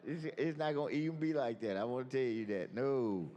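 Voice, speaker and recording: A man's voice: medium pitch, lively intonation, brisk, mellow, muffled recording. A man, a state senator speaking informally at a floor microphone, loose and rambling with many restarts. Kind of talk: informal remarks on the chamber floor. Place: large legislative chamber. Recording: long reverb of a large hall.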